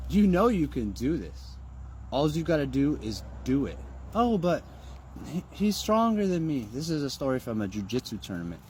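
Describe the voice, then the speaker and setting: Slow, emphatic man preaching self-belief. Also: mid-range voice, darkish tone, slight background noise. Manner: emphatic and preachy, with rhetorical questions and swearing. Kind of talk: motivational monologue.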